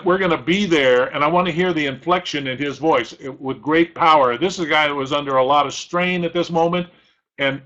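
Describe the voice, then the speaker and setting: Middle-aged guy preaching, kinda high voice, punchy and bright, drags out the bible verses for effect. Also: poor audio. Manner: emphatic, slows to stress scripture, throat-clearing. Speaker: pastor. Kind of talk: sermon.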